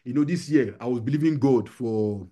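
A man's voice: medium pitch, moderate pace, dark tone. A young adult male pastor preaching a sermon to a small gathering, urging and repeating his lines. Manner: exhorting, repetitive preaching with call-and-response.

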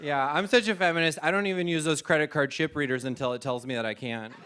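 A man's voice: a little high, fast talker, sharp tone. A man performing a self-mocking stand-up comedy set on a TV stage, acting out silly voices. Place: TV studio stage with live audience. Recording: audience laughter and studio noise. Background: audience laughing.

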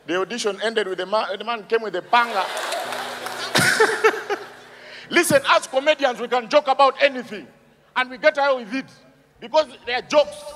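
High-voiced stand-up comic, shouting punchlines. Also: male voice, moderate pace, long pauses. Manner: animated, shouts punchlines, acts out characters. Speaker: stand-up comedian. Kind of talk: stand-up comedy routine. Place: live comedy stage. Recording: live stage with audience noise.

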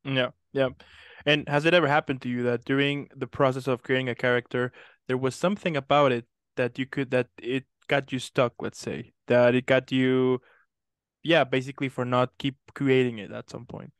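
Smooth-voiced man hosting a chat. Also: mid-range voice, level tone, moderate pace, no room sound, clean studio sound. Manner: enthusiastic, rambling questions. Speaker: interview host. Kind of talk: casual interview chat.

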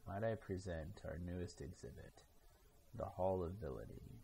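A man's voice: low-pitched, animated, moderate pace, vocal fry, dark tone. A man reading aloud, voicing a formal, showy museum director in a storybook. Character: fussy male museum head.

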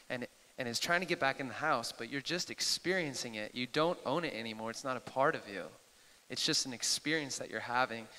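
Eager bright-voiced man in a hall. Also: mid-range voice. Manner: eager, excitable, apologetic asides. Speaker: host. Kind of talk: live Q&A sharing. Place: church hall, live audience. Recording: echoey hall.

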